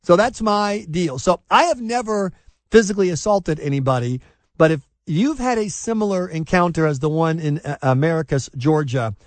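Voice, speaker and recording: Sarcastic high-voiced talk radio host. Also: male voice, normal speed, dry recording. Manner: animated, sarcastic storytelling with mocking voices.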